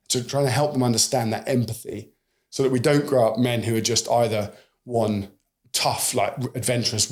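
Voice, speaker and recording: Gravelly British man, animated. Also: fairly low pitch. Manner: animated storyteller who acts out quoted dialogue. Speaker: podcast guest. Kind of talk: conversational podcast interview.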